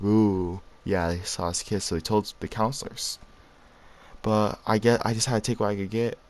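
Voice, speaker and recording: Tired teen guy rambling on late at night, kinda low voice, lots of ums. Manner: rambling, loose, with many fillers and restarts. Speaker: vlogger. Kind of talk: casual storytelling to camera.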